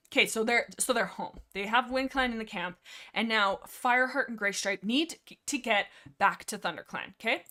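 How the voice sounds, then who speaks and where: Young woman, livestream host, rambly and giggly, bright clear tone, casual chat. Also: mid-range voice. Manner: rambling, chatty, laughs often. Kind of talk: casual book discussion livestream.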